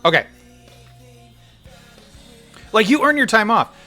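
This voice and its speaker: Male streamer, casual and rowdy; bright, lively, high voice. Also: slow pace, soft background music. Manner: animated, swears, laughs often, breaks into loud outbursts. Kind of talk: casual gaming stream chat.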